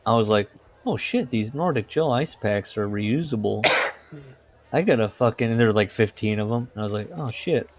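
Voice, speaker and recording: A man's voice: lowish voice, normal speed. A man co-hosting a podcast, telling rambling stories in casual chat, laughing often and swearing. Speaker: podcast co-host.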